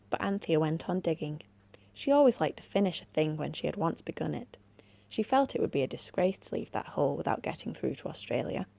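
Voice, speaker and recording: A woman with an English accent, a library assistant, reading a children's storybook aloud at a gentle, measured pace. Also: on the low side, creaky.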